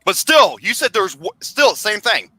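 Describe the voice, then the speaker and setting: A man's voice: high-pitched, big pitch swings, moderate pace, bright, forceful tone, husky, no echo. A man teasing a friend in a casual chat, laughing and swearing. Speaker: co-host.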